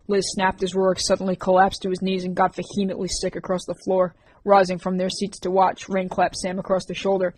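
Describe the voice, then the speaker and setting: A woman narrating a chapter of an audiobook in a steady reading voice. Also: medium pitch, a little fast.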